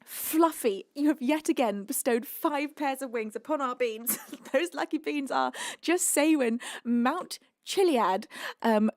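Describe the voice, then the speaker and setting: A woman's voice: high-pitched, a little slow, no room sound, studio quality. Tearful laughing British woman streamer. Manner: emotional, laughing and tearful, overwhelmed. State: crying while laughing. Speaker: livestream singer host. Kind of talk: casual live-stream chat reading donations.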